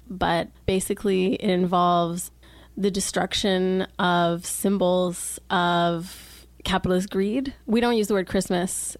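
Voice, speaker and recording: A woman answering interview questions in a guarded, deadpan, secretive manner, hesitating with ums. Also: fairly low pitch, no echo. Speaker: anonymous interviewee.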